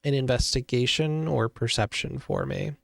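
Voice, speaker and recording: A man narrating as game master of a tabletop game over an online call, describing scenes in an unhurried way with many fillers. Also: mid-range voice, wildly swooping pitch, vocal fry, dry recording, studio quality.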